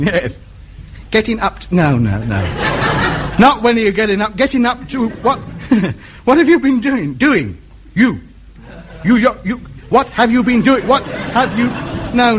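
A pompous, chatty amateur radio ham, with a high voice that leaps all over the place. He talks down to the people he calls in an exasperated way. The old recording is muffled, with steady hiss. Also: normal speed, crowd noise. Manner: exasperated, over-explains loudly to foreigners. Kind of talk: 1950s radio comedy acting.

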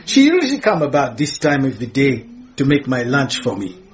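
An actor playing a gentle, nervous middle-aged man who pleads hesitantly, in a radio drama. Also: mid-range voice, huge pitch swings, normal speed, lo-fi sound, a crowd in the background. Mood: mild.

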